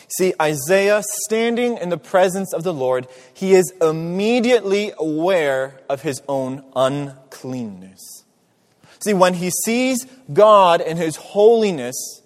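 Slow-talking preacher guy, kinda high voice, repeats words for emphasis, big echoey hall. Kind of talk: sermon.

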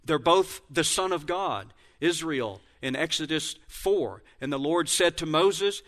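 Man, Bible teaching, bright forceful tone, slightly high voice, reads passages then explains. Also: expressive, unhurried, few pauses. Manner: reads verses aloud, then compares them in plain explanation; corrects himself mid-reading. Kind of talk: Bible teaching with scripture readings.

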